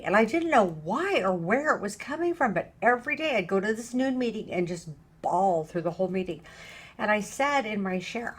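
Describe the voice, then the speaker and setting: Woman in her 50s hosting a chat, plain questions, tells stories, normal pitch. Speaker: interview host. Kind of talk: casual interview talk.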